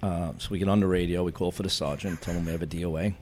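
A retired police chief spins deadpan anecdotes full of cop jargon in an interview. His voice sits very low, with a soft, mellow tone. A faint hum of background noise runs beneath him. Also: rapid-fire. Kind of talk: storytelling in a podcast interview.

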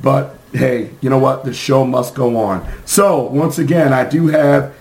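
A man hosting a sports podcast, hoarse from screaming, ranting in a fired-up, profane way with many fillers. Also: medium pitch, steady tone, unhurried, darkish tone, reverberant, low-quality recording. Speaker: podcast host.

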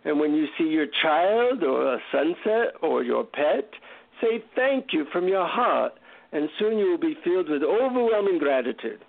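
A man's voice: a little high, big pitch swings, normal speed, creaky, heavily acted. A man doing a solemn old Indian guru. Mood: solemn, instructive. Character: calm older male Indian guru, wise and patient. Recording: tinny phone line.

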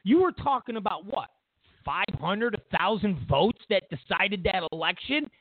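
High-voiced and a little breathy, the show host keeps a measured pace through an emphatic, mocking monologue on politics, full of animated jabs and asides. It's a dry recording with a thin, telephone-like quality.

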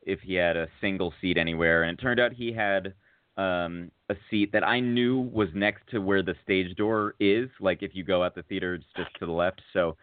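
A man on a podcast telling a long casual story, full of fillers and restarts, getting excited at the funny parts. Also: low-pitched, moderate pace, no echo. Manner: rambling, filler-heavy, rises to excited laughter at funny moments. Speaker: podcast co-host. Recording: tinny phone-like audio.

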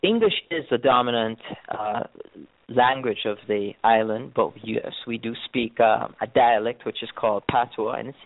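A man's voice: medium pitch, moderate pace, vocal fry, no room sound. Jamaican man, tinny phone line. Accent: Jamaican, toned down. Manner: easygoing, frequent fillers and restarts. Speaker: tourism board guest. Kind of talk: interview answers.

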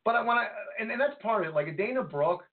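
A man co-hosting a podcast, chatting casually about wrestling in an animated, exasperated way. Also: sits high, fast. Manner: animated, exasperated ranting, breaks into laughter. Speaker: podcast co-host. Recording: tinny phone-like audio.

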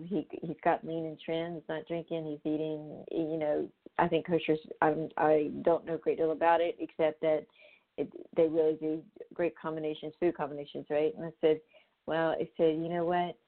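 A woman hosting a show, talking casually in a rambling way with lots of fillers and restarts. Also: sits low. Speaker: show host. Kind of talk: casual spoken monologue. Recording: tinny phone-line sound.

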